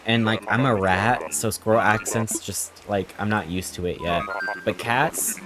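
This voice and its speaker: A young man with a very low-pitched voice hosts a live game stream. He rambles and jokes with his viewers as he reacts to chat. Game music plays clearly behind him the whole time. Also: unhurried.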